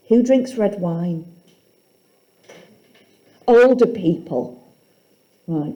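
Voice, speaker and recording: Slow, mellow-voiced woman teacher. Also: fairly high pitch, expressive. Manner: questioning, reading lines aloud slowly. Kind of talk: classroom poetry lesson.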